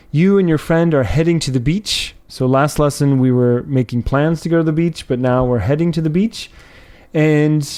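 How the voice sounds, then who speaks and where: A man giving a casual grammar lesson, explaining word by word in a relaxed way with many fillers and restarts. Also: on the high side, clear, resonant tone. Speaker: language teacher.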